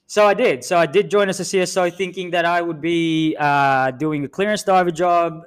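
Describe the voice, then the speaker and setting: A man's voice: on the high side, normal speed, smooth. A man in his thirties from the Philippines, co-hosting a podcast and chatting frankly and casually, with free swearing. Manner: frank and loose, swearing freely. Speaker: podcast co-host, Navy veteran. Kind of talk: casual chat.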